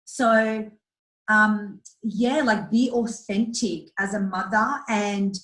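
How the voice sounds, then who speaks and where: A woman talking as an interview guest about coaching children, earnest and animated, speaking bluntly with mild swearing. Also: mid-range voice, takes it slowly. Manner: earnest, animated, acts out quotes. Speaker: guest, youth empowerment and kids' yoga coach. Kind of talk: casual interview talk. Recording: roomy echo.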